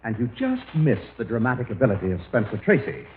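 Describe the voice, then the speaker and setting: Droll, suave butler; dry delivery; 1940s radio sound. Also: male voice, mid-range voice, huge pitch swings, quick pace. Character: suave, insulting male butler. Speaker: guest star. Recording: old tinny radio broadcast with hiss.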